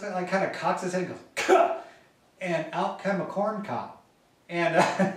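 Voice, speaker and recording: Animated man telling a story in an echoey room. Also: on the high side, far from the mic. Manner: animated, jokey, laughs through the story. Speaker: gardening channel host. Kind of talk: casual vlog storytelling.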